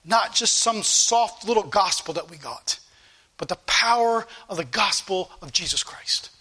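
Man, preacher, impassioned sermon, sharp bright tone, church. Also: sits high, animated, measured pace, husky. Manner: impassioned pulpit preaching, rising and falling. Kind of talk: fervent sermon.

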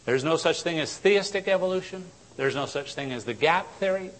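A man preaching a sermon, swinging from loud exhortation to low, intense tones. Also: lively intonation, brisk. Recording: long hall reverb.

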